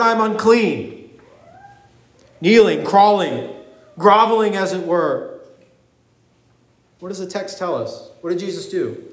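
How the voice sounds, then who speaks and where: Male pastor, high voice, lively storytelling sermon, reverberant room. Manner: animated preaching, acting out voices in the story. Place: church sanctuary. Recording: echoey church room.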